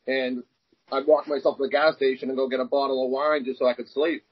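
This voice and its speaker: A man's voice: mid-range voice, fast talker, slightly rough. A young man, an arm wrestler, telling candid personal stories in an interview and acting out the dialogue. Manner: animated, acts out quoted dialogue. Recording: dull lo-fi sound.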